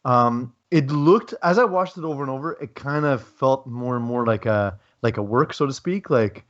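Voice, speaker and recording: A man co-hosting a casual sports podcast, rambling through his thoughts with plenty of ums and wry little asides. His voice sits at an ordinary middle pitch. The audio is a bit dull and lo-fi. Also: moderate pace. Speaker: podcast co-host. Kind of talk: casual chat.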